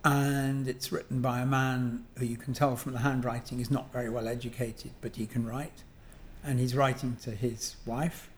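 A man's voice: mid-range voice, level tone, moderate pace, few pauses, a little hiss or hum. Older English man musing at length. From England. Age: 70s. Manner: musing, digressive, with many ums and self-corrections. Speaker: guest sculptor. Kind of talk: reflective conversational monologue.

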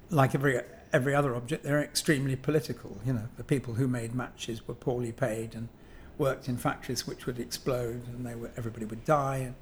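Older english guy rambling thoughtfully, lots of ums, mid pitch, faint hum behind. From England. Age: 70s. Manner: musing, digressive, with many ums and self-corrections. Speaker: guest sculptor. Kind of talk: reflective conversational monologue.

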